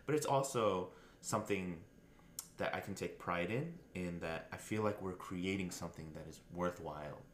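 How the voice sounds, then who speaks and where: A man's voice: low voice, moderate pace. A man co-hosting a casual podcast, speaking earnestly and laughing easily with friends. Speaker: podcast co-host. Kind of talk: casual chat. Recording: echoey room, faint noise.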